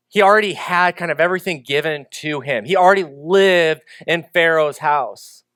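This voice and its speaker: High-voiced man preaching conversationally. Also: a bit bright, clean tone, no echo, clean studio sound. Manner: conversational with joking asides. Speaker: pastor. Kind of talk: sermon.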